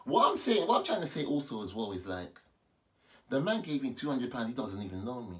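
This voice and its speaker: Excitable man telling a testimony. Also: medium pitch, brisk. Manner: animated storytelling, excitable, repeats himself. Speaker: pastor. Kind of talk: personal testimony vlog. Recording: distant mic with faint background noise.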